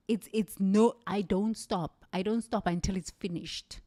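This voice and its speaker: A woman's voice: mid-range voice, steady tone, normal speed, dark tone, no echo. A middle-aged South African woman, a native Zulu speaker, giving an impassioned motivational talk with emphatic, repeated phrases. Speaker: livestream speaker.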